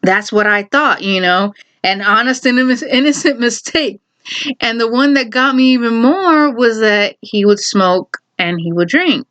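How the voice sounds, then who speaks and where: A Chicago woman vlogs casually about a family story, her voice a little high and her pace measured. She's animated and laughing, often correcting herself mid-sentence and acting out quotes. The recording is dull and lo-fi.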